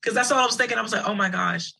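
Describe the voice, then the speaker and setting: Woman co-host, husky and gravelly, chatty and laughing, high-ish voice. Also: rapid-fire, sharp tone, low-quality recording. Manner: chatty, storytelling, laughs easily. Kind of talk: casual chat show.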